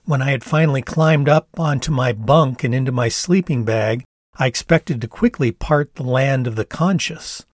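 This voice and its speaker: An older man from the United States reading his memoir aloud in a measured, reflective storytelling manner. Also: medium pitch, dry recording, studio quality. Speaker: author and narrator. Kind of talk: memoir narration read aloud.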